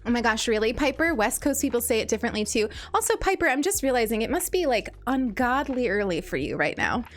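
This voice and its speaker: A young woman from New York with a light New York accent, chatting casually with her stream audience while she plays, bubbly and quick to laugh. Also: fairly high pitch, very animated, soft background music. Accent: New York, softened. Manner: bubbly, chatty, laughs often, restarts words. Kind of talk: casual chat while gaming.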